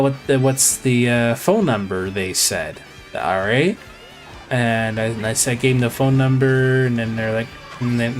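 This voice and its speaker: Rambling man telling a story on stream. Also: medium pitch. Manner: rambling, with many fillers and restarts. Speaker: live streamer. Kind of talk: casual storytelling to stream chat.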